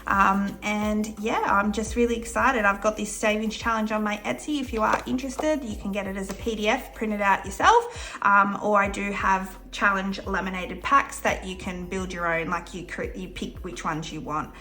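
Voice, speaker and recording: A woman's voice: medium pitch, steady tone, normal speed, sharp tone. A young Australian woman with an Australian accent, chatting upbeat in a casual vlog while counting cash aloud. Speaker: budgeting vlogger.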